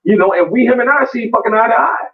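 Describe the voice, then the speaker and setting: A man's voice: very high voice, fast. A man arguing his turn in an online debate, blunt and heavily profane, with many restarts and fillers. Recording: distant, muffled call audio.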